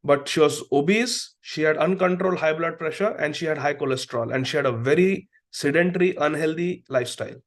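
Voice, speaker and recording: A man's voice: on the high side, brisk, hardly any pauses. A middle-aged man, a preacher who is also a doctor, giving a devotional class lecture in an earnest, storytelling way. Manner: earnest, storytelling with acted quotes. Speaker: preacher and physician.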